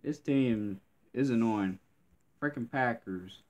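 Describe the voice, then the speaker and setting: Slow, low-voiced grumbling male gamer. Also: highs cut off. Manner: grumbling, frustrated complaining with mild cursing. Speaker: gameplay commentator. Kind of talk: live gameplay commentary.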